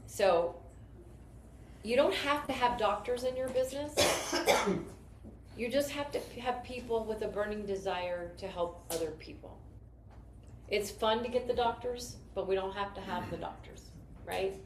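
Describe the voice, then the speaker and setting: Woman, mid-pitch, upbeat rambling storyteller, recorded in an echoey room with faint hiss. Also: unhurried, long pauses. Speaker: network marketing team leader. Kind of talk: casual motivational talk. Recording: roomy echo with faint noise.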